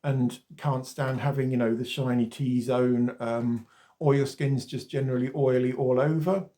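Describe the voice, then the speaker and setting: Chatty man in his forties with a gravelly voice. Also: medium pitch, dark tone. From Wales. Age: 40s. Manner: chatty and rambling, wanders off topic, mild swearing. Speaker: skincare vlogger. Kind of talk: casual talking-to-camera demonstration.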